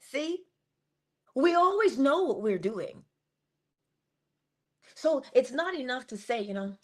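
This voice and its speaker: A woman giving a morning motivational talk, dropping at times into a soft whisper and drawing out key phrases slowly. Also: a little high, sing-song. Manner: shifts between full voice and soft unvoiced whisper; drawn-out, emphatic delivery with slowed phrases. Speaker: inspirational speaker.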